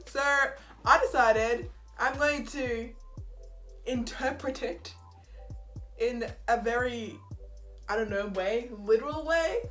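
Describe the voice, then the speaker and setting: A woman's voice: a little high, takes it slowly, long pauses, fairly bright tone, faint music behind. A woman chatting casually to camera as a book vlogger, bubbly and often giggling at her own jokes.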